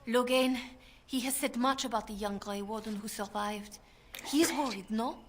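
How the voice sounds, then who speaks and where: A woman's voice: fairly high pitch, normal speed, slight background noise, lightly acted. A woman voicing an anxious young handmaiden to a queen, speaking with a heavy French accent in an earnest, pleading way. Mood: urgent.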